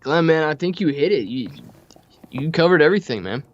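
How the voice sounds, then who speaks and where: A man's voice: on the high side, expressive, brisk, no room sound, highs cut off. A laid-back man co-hosting a market show, joking easily with the host. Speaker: co-host analyst. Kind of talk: casual chat.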